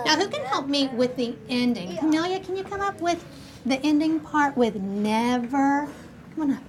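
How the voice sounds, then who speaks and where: A woman teaching a first grade class, slowly sounding out words and encouraging the children. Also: high-pitched, expressive. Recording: noisy classroom recording.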